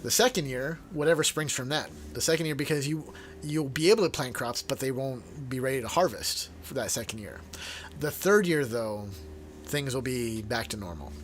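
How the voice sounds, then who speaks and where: A man teaching a casual Bible study at a middle pitch. He talks in a loose, chatty way, laughing often and repeating words mid-sentence. A faint hiss sits under his voice. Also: lively intonation. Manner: reads scripture aloud in a measured, quieter tone.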